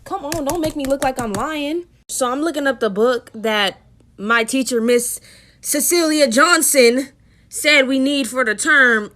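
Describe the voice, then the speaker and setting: A woman's voice: high-pitched, a little slow, a bit bright. A woman ranting to her phone camera, sassy and exasperated. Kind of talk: casual rant.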